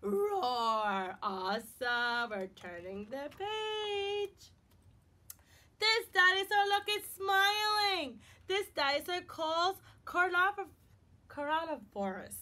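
A woman leads a preschool lesson in a high, bright voice that swoops up and down. She speaks slowly and warmly encouraging, with a sing-song lilt, and spells words out letter by letter. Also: lively intonation. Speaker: preschool teacher. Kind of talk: online circle-time lesson for young children.

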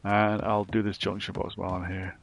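A man giving casual let's play commentary, thinking out loud about the game as he plays. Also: low-pitched, little pitch movement, brisk, creaky. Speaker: gaming channel host.

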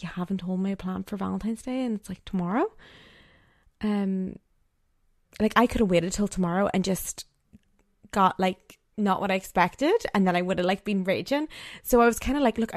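A young woman talks through her own podcast in a loose, chatty way, full of fillers, slipping into little acted-out quotes. Her voice sits at an ordinary middle pitch, recorded close and dry with no room sound. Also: a little mellow, dry recording. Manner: chatty, frequent "like" fillers, acts out quoted dialogue. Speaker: podcast host. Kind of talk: casual solo podcast monologue.

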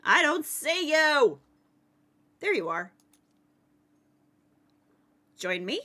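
A playful woman game streamer with a high, lively voice that jumps around a lot. She talks in a bright, unhurried way, chatting with teammates and viewers and breaking into yelling when excited. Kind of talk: casual live-stream chat while playing.

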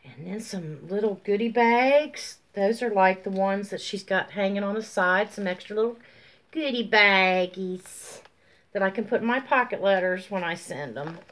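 A woman chatting casually as she shows off craft mail, gushing and drawn-out, sleepy and yawning. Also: mid-range voice, a bit bright. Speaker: craft vlogger. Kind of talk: casual show-and-tell chat.

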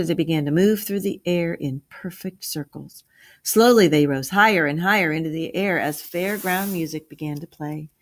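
Lowish-voiced teacher lady reading a story then quizzing the class, clear and patient.

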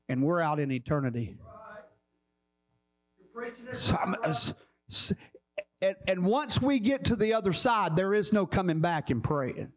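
A man's voice: sits high, expressive, normal speed. A man preaching a sermon as a pastor, telling a story with emphatic repetition.

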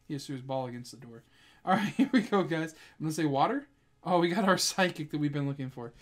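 Excitable man opening card packs at home. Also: fast. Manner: excitable, breaks into high-pitched shouts over good pulls; keeps addressing viewers as "guys". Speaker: card-pack opening channel host. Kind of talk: casual pack-opening vlog. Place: at home with a dog in the room.

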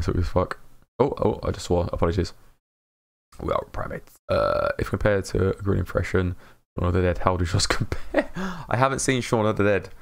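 A man's voice: low-pitched, vocal fry. A British man live streaming a game in casual chat, mumbling and slurring his words and laughing often.

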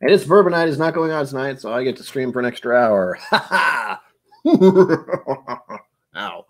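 A man's voice: medium pitch, animated, fast. A young man hosting a casual live-stream whiskey tasting, rambling playfully and breaking into silly noises and humming.

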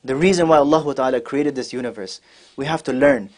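A man giving a sermon at a workshop, retelling a story with lively acted dialogue and Arabic quotations. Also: mid-range voice, brisk. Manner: acts out characters' lines, mixing in Arabic quotes. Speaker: scholar giving a talk.

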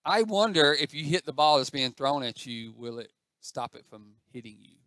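A man's voice: on the high side, expressive, normal speed, a bit bright, no echo, clean studio sound. A man giving chatty, self-mocking commentary as he plays an online game, talking to the other players on screen. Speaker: gaming channel host. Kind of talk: casual gameplay commentary.

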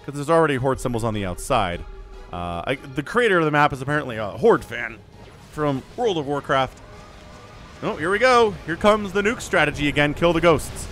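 Young male game caster, fairly high voice, excitable, rambling delivery. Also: brisk, faint music behind. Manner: excitable, rambling, laughs and shouts at big plays. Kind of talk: esports commentary.

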